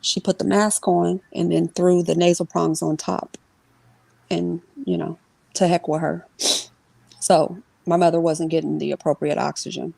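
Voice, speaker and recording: A woman giving an interview, telling a personal story in a quick, conversational way with many fillers and restarts and imitating the people in it. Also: lowish voice, level tone, vocal fry, warm tone, dry recording. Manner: voices others in her retelling. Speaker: interview guest. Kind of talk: emotional personal account in an interview.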